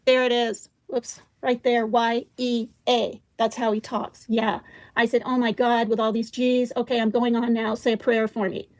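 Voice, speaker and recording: A woman with a somewhat high voice hosts a casual livestream. She reads text messages aloud in a halting way, breaking off with ums and side comments. Her voice is close to the mic and dry, with no room sound. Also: little pitch movement, a little mellow, no room sound. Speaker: livestream host.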